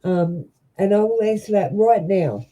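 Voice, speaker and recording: Husky Australian woman doing live tarot readings. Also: medium pitch, expressive, warm tone, low-quality recording. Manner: chatty, halting, with many ums and restarts. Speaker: tarot reader. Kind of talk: live-stream card reading.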